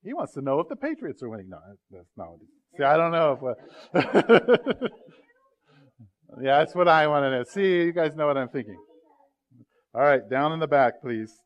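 A man preaching a sermon in a church, speaking a little high for a man. He keeps the talk loose and joking, with asides to the congregation. The recording sounds dull and muffled. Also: lively intonation, normal speed, pauses often. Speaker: pastor. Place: church sanctuary.

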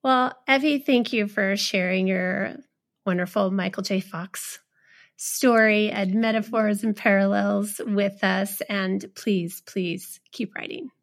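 A woman hosting a podcast interview, asking gentle, heartfelt questions. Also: medium pitch, fairly even intonation, slow. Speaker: podcast host.

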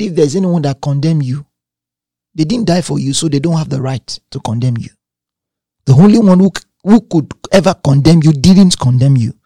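Husky-voiced man preaching with emphasis. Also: a little high, mellow, no room sound, clean studio sound. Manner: emphatic, repeating phrases and quoting scripture. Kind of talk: sermon.

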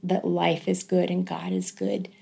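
A middle-aged woman speaks as an interview guest with a slightly low voice. She tells a personal story in an earnest, reflective way and pauses often. It sounds like a relaxed sit-down conversation. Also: creaky. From Southern California.

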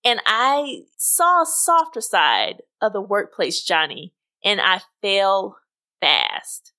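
A woman hosting a podcast and narrating her own fiction. Her voice is bright and fairly high, with a lively pitch that rises and falls. She reads slowly and expressively. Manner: expressive, animated reading. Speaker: podcast host. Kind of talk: scripted story narration.

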